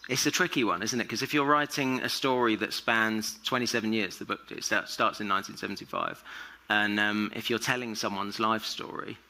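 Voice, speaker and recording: Gravelly low-voiced man. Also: fairly quick. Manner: relaxed, rambling with many fillers and restarts. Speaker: author guest. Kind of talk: onstage conversation. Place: festival stage.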